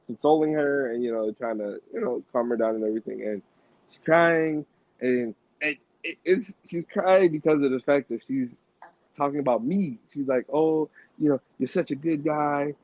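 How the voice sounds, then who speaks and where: A man's voice: mid-range voice, moderate pace, dry recording. A man hosting a podcast, telling a casual story with loose slang, lots of restarts and fillers. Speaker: podcast host. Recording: dry tinny phone-like audio.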